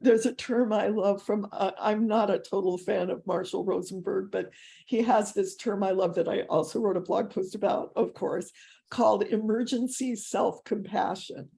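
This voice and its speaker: A woman's voice: medium pitch, fairly even intonation, normal speed, creaky, mellow. A woman author telling stories in an interview on a video call, earnest and quoting past dialogue. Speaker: author guest. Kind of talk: storytelling in an interview.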